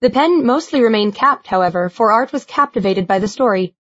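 A woman narrating a novel in a measured, expressive reading. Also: on the high side, dull audio. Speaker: audiobook narrator. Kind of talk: scripted narration.

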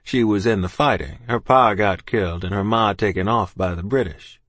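A man voicing a quiet, deferential soldier uncle in close to his own voice. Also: on the low side, moderate pace, no room sound.

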